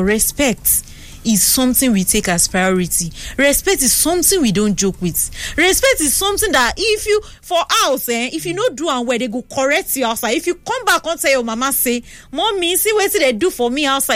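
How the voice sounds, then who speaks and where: A young Nigerian woman hosting a radio talk show, chatting and telling stories in an animated way on a studio mic. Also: high voice, fairly quick, dry recording. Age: young adult. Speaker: radio host. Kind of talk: casual radio talk and storytelling. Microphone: studio microphone.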